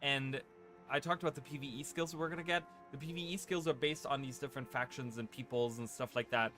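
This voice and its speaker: A man's voice: mid-range voice, fairly even intonation, fairly quick, pushed and bright. Rambling gamer guy over game music. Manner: rambling, heavy on fillers like "like" and "right?". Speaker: gaming channel host. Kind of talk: casual let's-play commentary. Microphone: desk microphone. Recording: game music playing under the voice.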